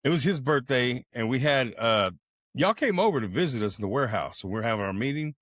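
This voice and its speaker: A man's voice: mid-range voice, lively intonation, a little fast, a bit bright, dry recording, clean studio sound. An older man co-hosting a casual chat, telling jokey stories with a lot of swearing. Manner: profane, joking storyteller. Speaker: podcast co-host. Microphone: video call.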